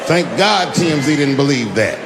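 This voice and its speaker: A man's voice: fairly high pitch, expressive, normal speed. A man doing stand-up, telling stories in a conversational, profane, punchy way on a large theater stage. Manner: conversational, profane, punchy, acts out quoted voices. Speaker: stand-up comedian. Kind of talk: stand-up comedy storytelling. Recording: live show, echoey hall, audience. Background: audience laughter and crowd noise.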